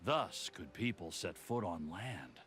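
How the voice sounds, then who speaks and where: A wistful dreamer musing aloud. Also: male voice, low voice, lively intonation, slow pace, a bit bright, a little hiss or hum, full character voice. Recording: game audio under music.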